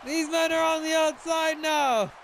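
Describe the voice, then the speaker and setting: A man giving excited play-by-play commentary on a wrestling video game match, shouting at the big moves. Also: very high-pitched, a little slow, a little hiss or hum, rough recording.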